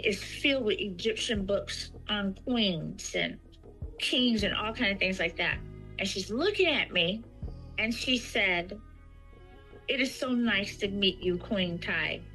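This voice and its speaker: Slow-talking bright-voiced woman telling a story. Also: mid-range voice, rough recording. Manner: animated storytelling, acting out quoted voices. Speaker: guest.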